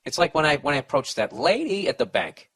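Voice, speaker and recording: A man's voice: on the high side, sing-song, brisk, a bit bright, breathy edge. A man hosting a comedy podcast, reading a letter and giving advice in a profane, rambling, heated way.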